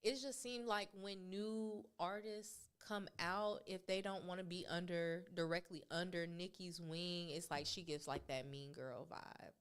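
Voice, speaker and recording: A woman talking as a guest in a casual interview. She tells stories in an animated, slangy way, with lots of filler words and acted-out quotes. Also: on the low side, unhurried, hardly any pauses, clear, resonant tone. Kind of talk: casual chat.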